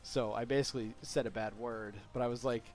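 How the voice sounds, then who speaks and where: Speaking a little fast with fairly even intonation, a young man with a mid-range, darkish voice tells long stories during a relaxed live stream. He laughs in bursts and leans on plenty of fillers, and faint music plays behind him.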